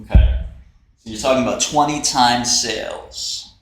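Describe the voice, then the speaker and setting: A man's voice: medium pitch, unhurried. A man hosting a casual livestream, ranting in a brash, profane, mocking way. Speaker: livestream host. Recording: roomy echo, faint typing.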